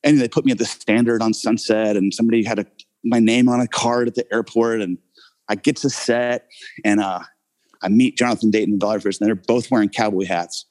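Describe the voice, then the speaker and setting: A man telling a story about his early acting career in a relaxed interview, rambling with many fillers and frequent laughs. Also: lowish voice, a little fast. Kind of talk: casual anecdote in an interview.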